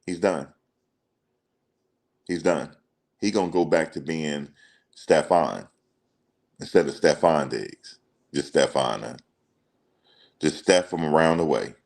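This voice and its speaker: A man's voice: very deep voice, takes it slowly, creaky, long pauses. A man hosting casual celebrity news commentary, emphatic and slangy, repeating his points. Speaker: commentary channel host.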